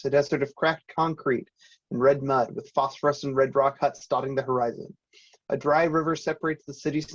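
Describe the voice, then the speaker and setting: Man, steady prose reader, dry close sound, muffled lo-fi audio. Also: mid-range voice, no echo. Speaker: writer reading a collaborative piece. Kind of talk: reading a surreal prose poem. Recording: dull lo-fi audio.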